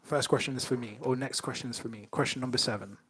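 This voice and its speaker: A man's voice: medium pitch, fast, a bit bright, a little hiss or hum. A man co-hosting a podcast, chatting casually and playfully reading out quiz questions. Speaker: podcast co-host, quizmaster. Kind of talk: casual chat.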